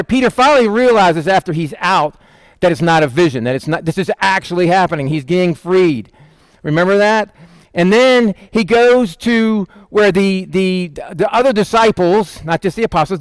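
High-voiced man teaching scripture. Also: no echo. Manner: acts out quotes of the figures in quick voices; asks the listeners questions and answers them. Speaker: preacher. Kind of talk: conversational Bible teaching.

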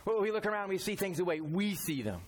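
A man's voice: high voice, lively intonation, fast. A man preaching a sermon in a folksy, conversational way, using everyday examples. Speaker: pastor.

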